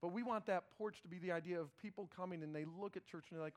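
A middle-aged male pastor preaching a sermon in a conversational, animated way, often repeating words as he starts phrases. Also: sits high, fast talker.

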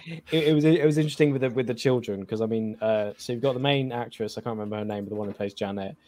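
A man's voice: medium pitch, rapid-fire, a little mellow. An English man co-hosting a podcast, chatting casually about a film with many fillers and restarts. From England. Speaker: podcast co-host.

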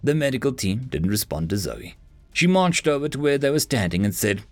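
A man's voice: mid-range voice, sing-song, brisk, no echo. A man narrating a story as an audiobook reader, lifting his voice a little for the characters' lines.

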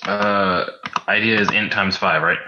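A man's voice: lowish voice, fairly even intonation, measured pace, muffled recording, noisy background. A man playing in a tabletop game, talking casually as he rolls dice. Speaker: player.

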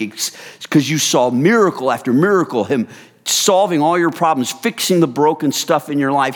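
Lively preacher in an echoing hall. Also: male voice, mid-range voice. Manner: animated, swings from hushed to loud excited bursts; casual, addresses the crowd as "you guys". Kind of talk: sermon.

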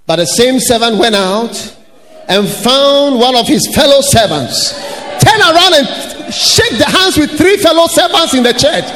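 High-voiced man preaching in a hall. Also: sing-song, unhurried, soft background music. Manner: shouted, sing-song preaching with laughter and mimicry. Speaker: pastor. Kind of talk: sermon. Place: large church hall. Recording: hall reverb with faint noise.

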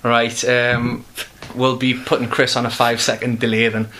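A man's voice: medium pitch, level tone, sharp tone, a little hiss or hum. A British man hosting a casual podcast, hesitant with many fillers. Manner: hesitant, filler-heavy, slow. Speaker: podcast host. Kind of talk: casual chat.

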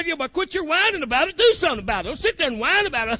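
A man's voice: extremely high pitch, sing-song, very fast, hardly any pauses, sharp tone, no room sound. A man preaching a sermon, fiery and colloquial, calling out to his congregation. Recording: muffled lo-fi recording.

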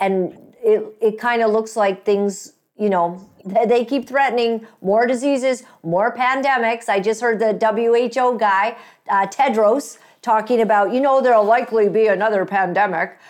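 A woman hosts an interview in a casual, effusive way, thanking her guest again and again. Her talk is full of fillers and restarts, at a mid pitch. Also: moderate pace. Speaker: host, interviewer.

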